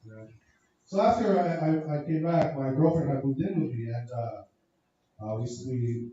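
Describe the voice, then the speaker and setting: A man's voice: medium pitch, dark tone, slight background noise. A man from Canada doing a crude, profane stand-up set at a comedy club, riffing with the crowd. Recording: echoey, dull club recording from far off.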